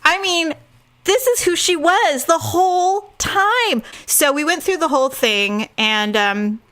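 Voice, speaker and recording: A podcast co-host with an extremely high voice tells a story in casual chat, taking her time. She's animated, acts out quotes in different voices and laughs often.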